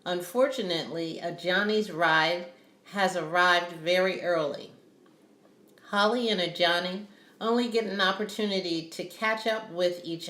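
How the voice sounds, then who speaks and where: A woman narrating an audiobook chapter in a slow, even reading style. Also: on the low side. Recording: roomy echo.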